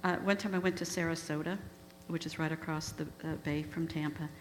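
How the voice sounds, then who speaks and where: A woman's voice: sits low, steady tone, fairly quick. A woman giving a talk, earnestly retelling an emotional story to an audience. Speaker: guest speaker. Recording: echoey hall with faint hum.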